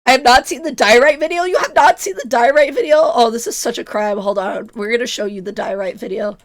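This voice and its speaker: This streamer, a woman in her twenties, talks a bit quickly in a fairly high voice. She's casually chatting with her viewers' chat, giggling and self-mocking, her voice worn from illness.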